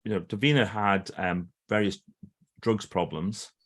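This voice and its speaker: A fairly low, slightly slow voice belongs to a middle-aged man, an author and trainer appearing as a podcast interview guest. His storytelling is animated, and he acts out others' quoted words.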